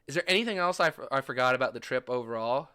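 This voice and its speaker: A young American man recapping a trip in casual chat, animated and gushing, swearing freely. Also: mid-range voice, racing, smooth. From United States. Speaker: vlogger.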